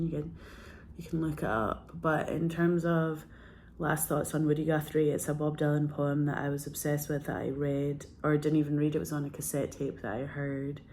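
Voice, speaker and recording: A woman's voice: low-pitched, vocal fry, darkish tone, a little hiss or hum. A woman who is a filmmaker, telling a personal story in a casual, earnest, rambling way full of fillers and restarts.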